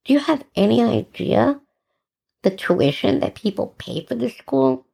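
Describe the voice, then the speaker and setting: A middle-aged woman hosting a podcast, telling her own story in an animated, sarcastic way and acting out the dialogue. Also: fairly high pitch, a little slow, gravelly, husky. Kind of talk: personal storytelling monologue.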